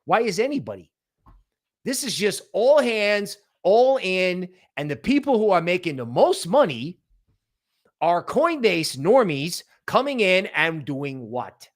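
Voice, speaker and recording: Emphatic man hosting a crypto livestream. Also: sits high. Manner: animated, emphatic, repeats "right?"; rapid-fire rhetorical questions. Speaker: crypto channel host. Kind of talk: livestream commentary.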